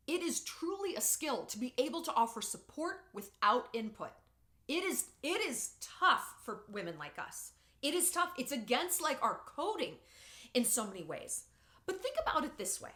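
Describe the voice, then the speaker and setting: A woman talks straight to camera with a bright, rather high voice that swings widely in pitch. She gives relationship advice in a casual, sarcastic way. The recording has a roomy echo. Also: fairly quick. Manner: animated, expressive and sarcastic. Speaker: vlogger giving relationship advice.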